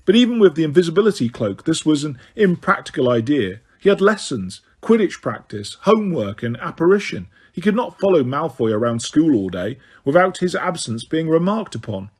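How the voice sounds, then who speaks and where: Male audiobook reader, husky voice, lively pitch, a little high. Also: a little fast, few pauses. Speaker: audiobook narrator. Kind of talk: audiobook narration.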